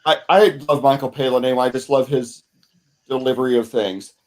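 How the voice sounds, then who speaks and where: A man hosting a podcast who tells stories casually, rambling with many pauses and restarts. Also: medium pitch, fairly even intonation, a little mellow, low-quality recording. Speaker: podcast host. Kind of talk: casual storytelling chat.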